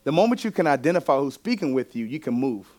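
A man's voice: mid-range voice, very animated, quick pace, darkish tone. Man preaching a conversational sermon. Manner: conversational preaching, asks the congregation questions. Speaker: pastor. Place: church.

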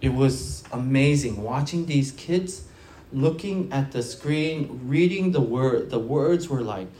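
Slow and medium-pitched, a pastor's voice fills a roomy space as he preaches conversationally. He tells stories with animation, moving between quiet and loud moments, frequently repeating himself and starting phrases over.

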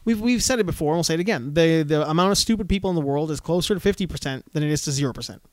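A man's voice: a little high, very fast, no room sound. A man co-hosting a casual podcast chat, sarcastic and profane, mocking people by acting out their lines. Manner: sarcastic, swears, acts out quoted people in mocking voices. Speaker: podcast co-host.

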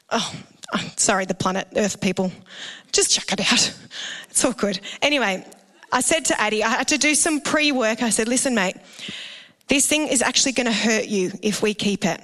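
An Australian woman pastor delivering a sermon, telling a family story with animated, jokey asides to the congregation. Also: on the high side. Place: church auditorium. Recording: reverberant hall.

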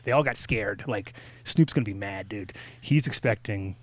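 A man telling a story in casual chat, animated and swearing, acting out quotes with sudden jumps in pitch. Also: normal speed. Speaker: podcast guest telling a story.

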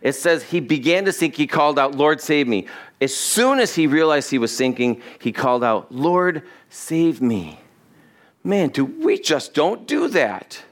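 A pastor's sermon, in a somewhat high voice at a measured pace, is captured on a wired body-worn mic in church. He's animated and performs the Bible characters' lines as he tells the story.

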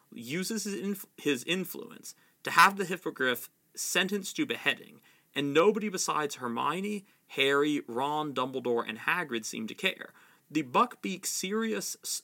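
A man giving measured, explanatory commentary on a novel. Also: medium pitch, vocal fry, sharp tone. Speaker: literary commentator. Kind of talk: analytical book commentary.

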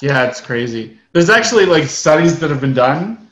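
A man co-hosting a podcast in casual chat, explaining in a relaxed way with a few restarts. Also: fairly high pitch, moderate pace, echoey room. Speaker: podcast co-host.

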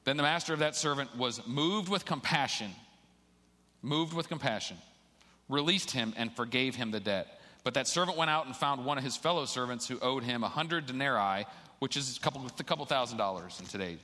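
A man's voice: medium pitch, a little fast, pushed and bright. A man preaching a sermon in a casual, conversational way, reading scripture aloud and then explaining it to the church. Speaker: pastor. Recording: long hall reverb.

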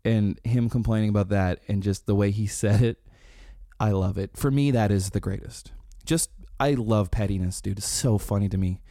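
A man in his thirties chatting casually, telling animated stories full of swearing, laughs and quoted impressions. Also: lowish voice, normal speed, no echo, studio quality. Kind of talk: casual chat.

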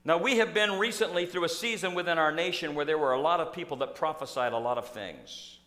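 A man preaching a sermon in a church, telling a story in an animated, acting-out way. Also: a little high, a little fast. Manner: storytelling, animated, acts out scenes. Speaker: pastor. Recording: echoey church hall.

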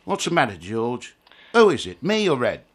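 A man's voice: medium pitch, huge pitch swings, normal speed, fairly bright tone. An actor playing a male actor who rehearses a menacing villain role in a radio play. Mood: uncertain. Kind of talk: radio drama acting.

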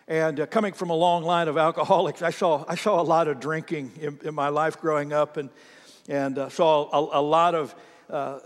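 A man preaching a sermon as a pastor, telling stories with animated energy and speaking straight to his congregation. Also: a little high, in a large hall.

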